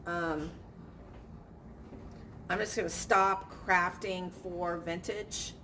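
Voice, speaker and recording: A woman's voice: a little high, expressive, slow, fairly bright tone, slight background noise. A woman vlogger venting in casual chat, chatty and stressed, acting out quoted exchanges with little laughs. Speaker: vlogger and crafter.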